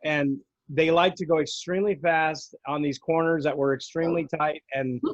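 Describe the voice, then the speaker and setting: A man with a high voice tells stories in casual conversation, playing out the voices of people he quotes. His voice sounds dry and a little dull, with no room behind it. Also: moderate pace, dry recording. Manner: animated storyteller, acts out quotes. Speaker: podcast co-host, former dispatcher. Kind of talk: casual storytelling chat.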